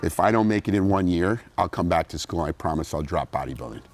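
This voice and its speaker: Middle-aged guy with a really low voice, animated storytelling in an interview, faint music behind. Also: fast. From New Jersey, USA. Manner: animated, acts out quoted voices. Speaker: guest bodybuilder.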